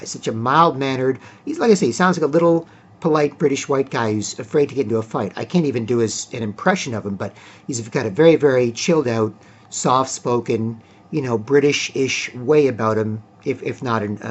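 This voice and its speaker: A man giving casual solo sports commentary, rambling with frequent fillers and clearing his throat often. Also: mid-range voice, lo-fi sound.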